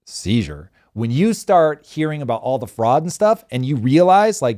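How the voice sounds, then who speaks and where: A man's voice: medium pitch, very animated, normal speed, hardly any pauses, darkish tone. A middle-aged man hosting a show, riffing with emphatic, sarcastic energy and the odd swear. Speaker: show host. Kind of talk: animated commentary chat.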